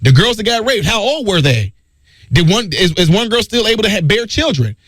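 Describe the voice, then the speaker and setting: Male talk radio host, preachy and emphatic, lively pitch with big swings. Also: fairly quick, dry recording, clean studio sound. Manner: emphatic, preachy, repeats key phrases.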